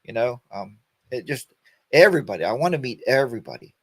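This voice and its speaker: A man's voice: medium pitch, sing-song, a little fast, slightly rough, no room sound. Rambling folksy man in his fifties, dry sound. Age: 50s. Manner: rambling, folksy, addresses viewers by name. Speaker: host of a weekend motorcycle chat stream. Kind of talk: casual livestream chat.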